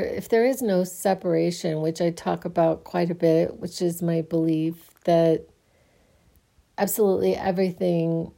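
A sleepy, yawning woman musing on faith in a halting, casual way, often restarting her sentences. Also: on the low side, gravelly. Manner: slow, halting, restarts often, soft laughs.

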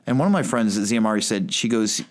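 A man with a deep, low-pitched voice delivers a sermon. He keeps it conversational, with plenty of "like" and self-corrections, as though chatting with his listeners rather than orating. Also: expressive, fast. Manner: conversational preaching with frequent "like" and restarts. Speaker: pastor.

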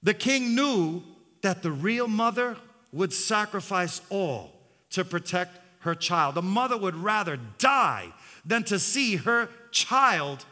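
A man's voice: high-pitched, animated, slow, bright, forceful tone. An older man preaching a fiery sermon as pastor, with hallelujah refrains, in a church sanctuary. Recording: long hall reverb.

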